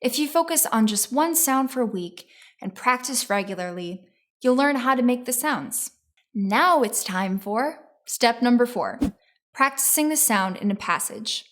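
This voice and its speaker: A woman giving a scripted pronunciation lesson, explaining step by step in a clear, encouraging way. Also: fairly high pitch, lively intonation, unhurried, fairly bright tone. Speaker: English teacher.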